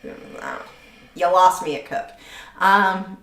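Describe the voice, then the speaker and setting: A woman's voice: lowish voice, huge pitch swings, slow pace, creaky, a bit bright. A woman in her thirties hosting a casual live painting stream, coaching a friend and reading viewer comments aloud in a chatty way. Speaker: art teacher and livestream host. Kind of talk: casual livestream chat while teaching. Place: home studio, indoors. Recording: echoey room.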